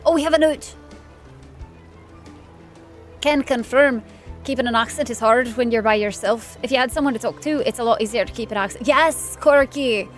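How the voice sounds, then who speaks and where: Bubbly streamer woman, fairly high voice. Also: normal speed, long pauses, soft background music. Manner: chatty, bubbly, chats with viewers while playing. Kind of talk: casual let's-play commentary.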